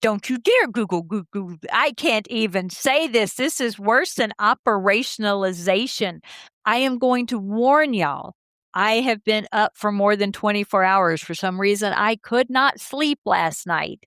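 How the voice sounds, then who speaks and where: A woman co-hosting a privacy podcast, chatty and animated as she tells stories in casual conversation. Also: medium pitch, a little slow, dry recording, studio quality. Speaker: podcast co-host.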